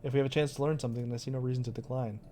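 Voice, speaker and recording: A man's voice: mid-range voice, fairly even intonation, dark tone, a little hiss or hum, natural voice. Man reading as a stately ancient scholar. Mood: formal. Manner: formal, measured reading of game dialogue.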